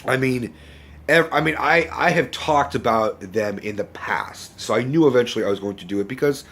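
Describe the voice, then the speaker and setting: A man's voice: medium pitch, normal speed, fairly bright tone, husky. A man hosting a casual movie review rant, rambling and swearing, with a cough and a sore throat, recorded on a handheld phone. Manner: rambling, swears freely, self-correcting. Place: indoors under a bright lamp. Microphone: handheld phone camera.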